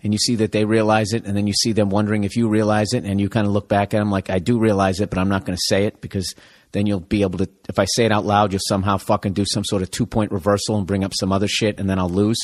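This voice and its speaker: A man's voice: fairly low pitch, flat delivery, fast talker. Man in his thirties, podcast host, profane and sarcastic, rambling monologue. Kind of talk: casual comedic monologue.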